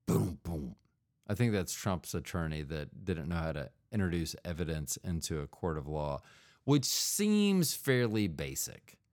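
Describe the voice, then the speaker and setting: A man's voice: low-pitched, big pitch swings, a little slow, a little mellow. A man hosting a solo podcast in a rambling, digressive comedic monologue, full of fillers and playful mouth sound effects. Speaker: podcast host.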